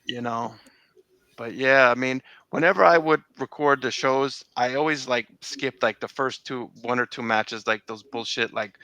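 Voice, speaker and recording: A middle-aged man telling stories in a relaxed interview, wandering and full of fillers. His voice is gravelly yet bright and sharp, with clear, crisp tone. The sound is dry and close. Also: medium pitch, normal speed, no room sound, lo-fi sound. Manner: rambling, many fillers and restarts. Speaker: interview guest. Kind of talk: casual conversational interview.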